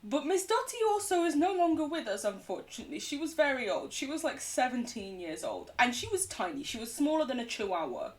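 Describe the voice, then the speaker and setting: A woman's voice: high voice, sing-song, fairly quick, few pauses, distant mic. A woman game streamer chatting casually and rambling as she plays, laughing often. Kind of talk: casual gaming chat.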